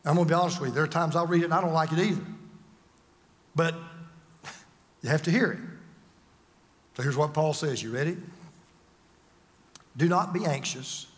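A man preaching a sermon as pastor, swinging from forceful lines to hushed, drawn-out words. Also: a little high, big-room sound.

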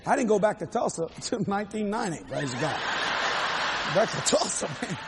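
An older man preaching a storytelling sermon in a large hall, animated and playful with dramatic swings. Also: high voice, brisk, creaky, very noisy. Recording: echoey hall, faint crowd ambience.

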